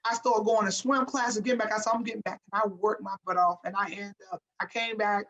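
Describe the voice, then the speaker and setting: A woman in her fifties, a former pro basketball player, telling motivational stories in an interview with an emphatic, animated manner and a habit of repeating herself for emphasis. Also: mid-range voice, a little fast, highs cut off, slight background noise.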